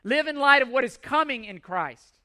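Male pastor delivering an emphatic sermon; bright, forceful tone. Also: very high voice, lively intonation, moderate pace. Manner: emphatic preaching with repeated phrases and scripture readings.

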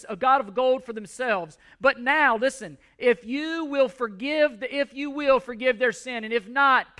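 A man's voice: very high-pitched, pushed and bright. A middle-aged man preaching a sermon, earnest and pleading, often repeating words as he restarts. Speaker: pastor.

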